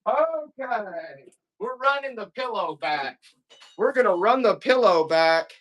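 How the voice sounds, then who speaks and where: A man hosting a live auction stream, talking loosely and fast to his viewers. He rambles into folksy, worked-up rants between the items he sells, tossing out "all right?" and calling people "boy". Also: high-pitched, lively intonation, fairly bright tone. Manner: folksy, calls listeners "boy". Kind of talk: casual live-selling stream chat.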